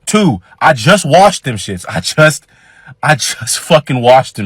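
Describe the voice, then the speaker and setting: A man telling a profane, animated party story in casual slang, quoting people in his own voice. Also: medium pitch, measured pace, slightly rough, no echo. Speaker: storyteller guest.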